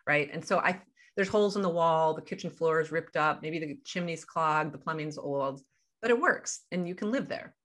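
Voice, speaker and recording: A woman's voice: deep voice, moderate pace, a bit bright. A woman guest on a podcast interview, a life coach talking over a video call and explaining through everyday examples.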